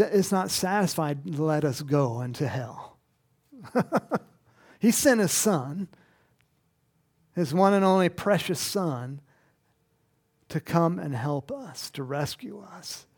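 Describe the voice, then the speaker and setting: A man's voice: on the high side, darkish tone. A male preacher delivering a sermon and reading scripture, talking animatedly with frequent chuckles and rhetorical questions.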